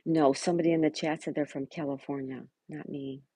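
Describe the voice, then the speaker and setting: A woman's voice: deep voice, steady tone, fairly quick, breathy edge. A woman from Buffalo, New York, hosting a casual livestream, reading viewers' comments aloud and greeting each of them by name. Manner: greets viewers by name and chats back warmly. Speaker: livestream host.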